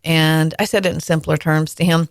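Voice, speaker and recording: A woman's voice: low-pitched, steady tone, normal speed, no echo, clean studio sound. A woman in her forties hosting a podcast, chatting candidly and telling personal stories with frequent fillers. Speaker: podcast host. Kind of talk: casual conversation.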